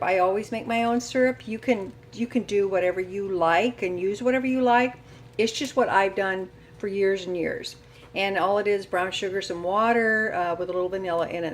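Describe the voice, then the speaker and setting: A woman's voice: medium pitch, a little hiss or hum. Chatty older woman cooking at home. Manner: chatty, folksy, self-deprecating, laughs often. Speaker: home cook. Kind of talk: casual cooking demonstration. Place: home kitchen.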